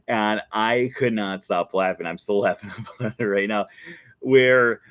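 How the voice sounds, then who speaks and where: A man hosting a casual vlog, telling an excited story and breaking into laughter again and again. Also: lowish voice, a little slow, no room sound, lo-fi sound. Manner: giggly, keeps breaking into laughter. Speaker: show host.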